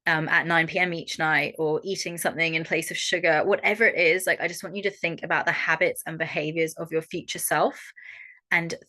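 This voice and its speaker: A young Australian woman coaching a workshop audience in a frank, animated way and swearing freely. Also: low voice, a little fast. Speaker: holistic coach. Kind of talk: online workshop talk.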